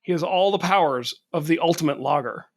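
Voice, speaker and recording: A man's voice: a little high, fairly quick. A man co-hosting a podcast, telling a playful, rambling bit in casual chat. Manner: rambling, playful storytelling with laughs. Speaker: podcast co-host.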